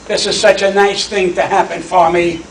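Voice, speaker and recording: A man's voice: high voice, flat delivery, normal speed, far from the mic, a little hiss or hum. A man, giving a brash, punchy stand-up acceptance speech full of wisecracks, in a banquet hall. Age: 80s. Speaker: award honoree and comedian. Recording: echoey hall, voice from off mic.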